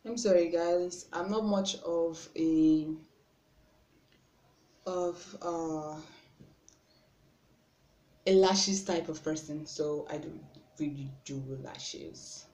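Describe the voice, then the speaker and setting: A young woman with a Nigerian accent chatting through a makeup tutorial at home, self-conscious and often trailing off softly. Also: on the low side, extremely slow, pauses often. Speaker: beauty vlogger. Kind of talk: casual makeup tutorial chat. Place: room at home. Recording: roomy with faint background noise.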